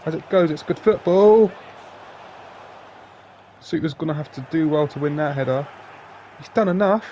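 Excitable sweary gamer man. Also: on the high side, normal speed, a little hiss or hum. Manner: excitable, sweary, swings from shouting to flat grumbling. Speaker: gaming YouTuber. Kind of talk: live gameplay commentary.

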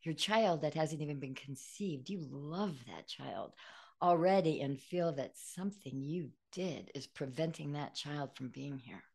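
A woman's voice: sits low, a little slow, creaky, darkish tone, slightly rough. An older woman, a book author, earnestly telling an emotional personal story in a podcast interview. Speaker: guest author.

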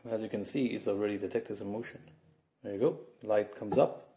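A man's voice: lowish voice, fairly quick, warm tone. A man reviewing a product, walking through its features step by step in a casual, chatty way.

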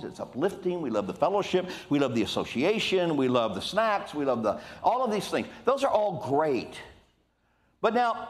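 Animated older male preacher. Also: on the high side. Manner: animated, conversational preaching with asides. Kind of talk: sermon.

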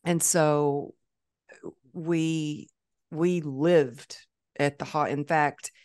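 A woman's voice: low voice, fairly even intonation, drawn-out words, darkish tone, smooth, no echo, clean studio sound. A woman guest on a podcast, telling her personal story in a candid, upbeat way. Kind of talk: conversational interview. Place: podcast studio.

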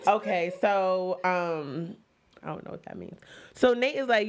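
A woman's voice: on the low side, measured pace. A woman co-hosting a podcast, chatting casually and acting out scenes with lots of laughter. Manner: animated, laughing, acts out scenes. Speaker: podcast co-host. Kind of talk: casual recap chat.

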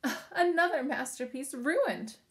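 A woman's voice: high-pitched, very animated, unhurried, pitched above the performer's own voice. A small, worn-out male cricket with an aching wing, whining and grumbling in a raised, strained voice, as a woman reading the story puts him on. He sounds cranky and fed up, a storybook creature at the end of his rope. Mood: distressed. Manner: whiny, frustrated.

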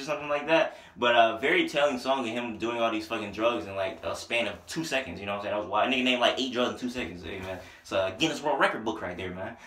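A man reviewing an album in a casual, rambling way, excitable and full of slang, with a headache. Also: medium pitch, fast, few pauses. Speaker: music reviewer. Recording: echoey room.

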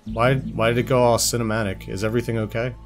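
A man's voice: mid-range voice, level tone, fast, soft background music, lightly acted. A man voicing a sassy newborn lynx cub who nags his mother, in joking, mock-whiny let's play commentary. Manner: joking, mock-whiny complaints, frequent laughs.

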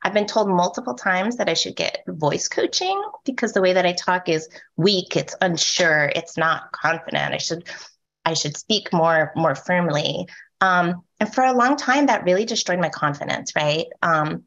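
A woman leads a panel discussion in a soft, low-set voice whose sentences lift at the end like questions. She fills pauses with "um" and checks in with her listeners. The sound is dull and lo-fi, like a video call. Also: expressive. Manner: soft voice with rising lilt at sentence ends; frequent "um" and "right?" check-ins. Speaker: panel moderator.

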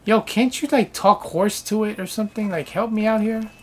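A man giving casual live gameplay commentary, swearing and reacting loudly in frustration. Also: high-pitched, fairly even intonation, normal speed, slight background noise. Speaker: game streamer.

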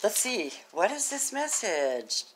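A woman giving a casual tarot reading to camera, gushing and excitable, swinging from loud exclamations to hushed murmurs. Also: medium pitch, takes it slowly, slight background noise. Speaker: tarot reader.

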